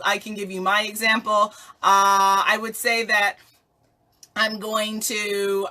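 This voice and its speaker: A woman host giving an energetic motivational talk to her viewers, emphatic and laughing often. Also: mid-range voice.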